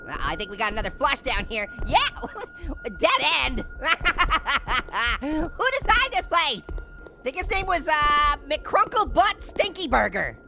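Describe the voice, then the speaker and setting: Giggly high-voiced woman gaming host. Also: creaky, sharp tone. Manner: giggly, jokey, exclaiming. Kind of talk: comedic let's-play commentary.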